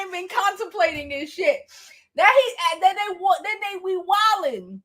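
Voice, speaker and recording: High, bright-voiced gossiping woman. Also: measured pace. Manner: loose, profane and expressive, breaking into laughter. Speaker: celebrity gossip vlogger. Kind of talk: casual livestream gossip chat.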